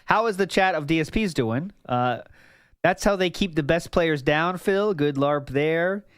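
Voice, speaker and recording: A man's voice: a little high, unhurried, smooth, no echo, clean studio sound. A man streaming casually, rambling and laughing as he reacts to old clips for chat. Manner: rambling, laughs often, jumps between topics.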